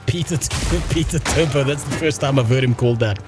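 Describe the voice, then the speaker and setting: A man's voice: mid-range voice, fairly quick. Blunt, profane young man streaming a game. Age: young adult. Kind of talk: casual gaming stream chat. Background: game music.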